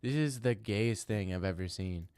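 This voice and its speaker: A young man streaming live, reading chat and answering in loud, mock-outraged rants. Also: on the low side, moderate pace, clear, resonant tone, no room sound.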